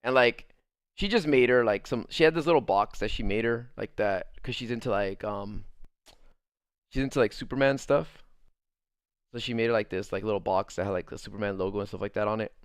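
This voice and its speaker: A man's voice: fairly low pitch, a little fast, smooth, no room sound, studio quality. A young man telling a rambling story in casual chat, full of fillers and swearing, laughing at the funny parts. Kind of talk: casual storytelling over gameplay.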